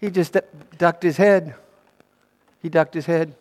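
A high-pitched man narrates a children's story, animated and halting, stumbling over repeated words. His voice rings with a long hall reverb.

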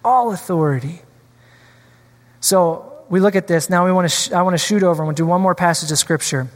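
A man preaching a sermon in a church, animated and acting out scripture scenes with changing voices. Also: high-pitched, fast talker. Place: church sanctuary. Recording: long hall reverb.

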